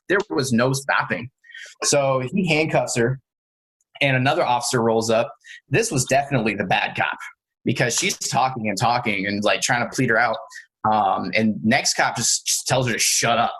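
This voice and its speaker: A man co-hosting a podcast, telling a story in a casual, animated way and acting out the quotes. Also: medium pitch, moderate pace, slightly rough, poor audio. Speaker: podcast co-host.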